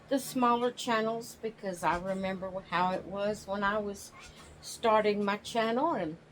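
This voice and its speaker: Slow, drawling woman chatting at home. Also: medium pitch, slight background noise, rough recording. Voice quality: slow, drawling, yawns often. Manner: homey, rambling, with restarts. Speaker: channel host. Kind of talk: casual chat. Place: home, sitting in a rocking chair.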